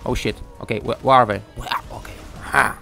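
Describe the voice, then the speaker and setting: A young man giving a ranting gameplay commentary, frustrated and swearing, halting with many fillers. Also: medium pitch, steady tone, creaky, pushed and bright, faint music behind. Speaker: gaming YouTuber.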